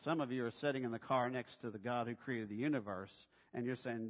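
Preacher in a reverberant, dull-sounding hall. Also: male voice, mid-range voice, quick pace, hardly any pauses. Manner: animated and playful, swinging between hushed and loud. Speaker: pastor. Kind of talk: sermon. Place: church sanctuary.

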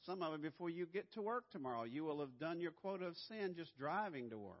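A man preaching a sermon as pastor, swinging from hushed low lines to loud, urgent emphasis. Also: lively intonation, quick pace. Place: church sanctuary. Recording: dull lo-fi sound, long hall reverb.

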